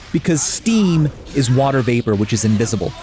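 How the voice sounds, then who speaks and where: A man co-hosting a science podcast, explaining things in a pedantic, animated way. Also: mid-range voice, normal speed, soft background music. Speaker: podcast co-host. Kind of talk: casual science chat.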